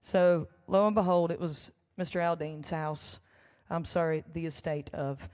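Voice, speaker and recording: A woman's voice: deep voice, fairly even intonation, measured pace, a little mellow. Folksy woman chatting in a reverberant hall. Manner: chatty, folksy and joking, with laughs and asides to the crowd. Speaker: songwriter performing live. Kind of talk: storytelling between songs on stage. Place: large church hall with a live audience. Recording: long reverb of a large hall.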